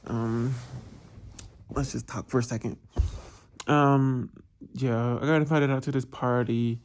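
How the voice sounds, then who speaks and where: With a mid-range voice, steady tone, and slow pace, a New Jersey travel vlogger tells stories in an easygoing, self-mocking manner. He laughs frequently and imitates the voices of others.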